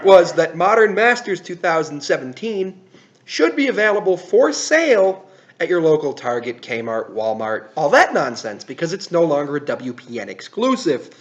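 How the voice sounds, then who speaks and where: A man talks through his topic like a casual host, dry and matter-of-fact, sometimes stopping to correct himself. His voice sits a little high for a man. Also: sing-song, moderate pace, dull audio. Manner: dry, explanatory, self-correcting. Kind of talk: casual commentary.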